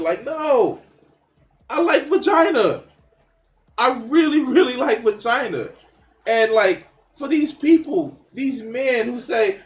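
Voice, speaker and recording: A man's voice: sits high, very animated, slow pace. A man giving blunt, profane reaction commentary on a documentary clip, mocking and laughing at what he hears.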